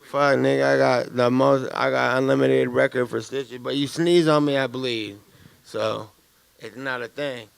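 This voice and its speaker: A man's voice: mid-range voice, fairly even intonation, a little slow, creaky, clean tone. A man, a fighter at a press conference after his fight, answering questions bluntly and profanely, rambling with many fillers.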